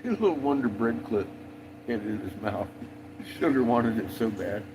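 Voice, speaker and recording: A man's voice: mid-range voice, lively intonation, moderate pace, noisy background. A man chatting casually on a road-trip vlog, laid-back, swearing freely and laughing often. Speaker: vlogger traveling with dogs. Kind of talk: casual chat.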